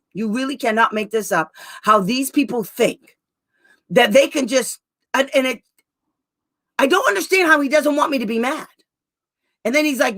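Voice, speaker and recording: Brief: fed-up woman advocate, blunt and emphatic, voice sitting a bit high. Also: vocal fry, fairly bright tone. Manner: blunt, exasperated ranting. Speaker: special education advocate. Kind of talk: casual online talk.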